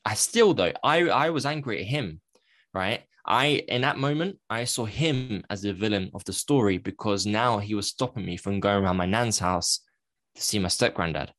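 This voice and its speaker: A man's voice: lowish voice, animated, moderate pace, fairly bright tone, no echo. A man, a podcast guest, candidly recounting a personal story in a reflective way, often correcting himself mid-sentence.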